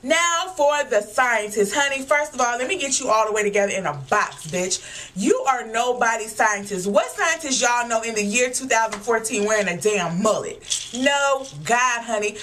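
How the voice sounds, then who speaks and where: A woman's voice: on the high side, animated, normal speed, a bit bright, slight background noise. A young woman vlogger giving a casual, blunt and profane rant reviewing a TV episode. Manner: blunt, profane, exasperated ranting.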